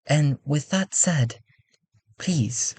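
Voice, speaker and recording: A man's voice: a little high, animated, drawn-out words, darkish tone, slightly rough, dry recording, voice pushed up, exaggerated voice. A man voicing a worried female councilwoman who earnestly pleads for help, in a solo role-play game.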